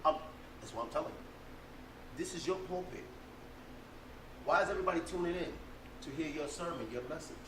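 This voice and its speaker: A man's voice: a little high, brisk, pauses often, echoey room, background noise. A man in a casual podcast chat who makes his points like a preacher, asking questions as he goes.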